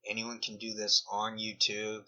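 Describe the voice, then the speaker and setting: A man's voice: on the low side, monotone, moderate pace, pushed and bright. A man giving rambling commentary over a screen recording, often trailing off mid-thought, captured in a dull lo-fi recording. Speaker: video commentator.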